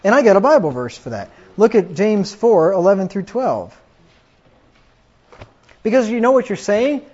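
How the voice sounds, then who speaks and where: Man, preacher, emphatic sermon, high-pitched voice, muffled lo-fi sound. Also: very animated, moderate pace, husky. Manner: emphatic, rises loud when quoting scripture. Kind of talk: sermon with scripture readings. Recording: dull lo-fi recording.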